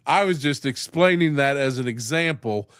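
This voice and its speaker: A man's voice: medium pitch, lively intonation, normal speed, fairly bright tone, clear, resonant tone, dry recording, studio quality. A man hosting a casual live-stream chat, rambling and profane and laughing often. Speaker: host.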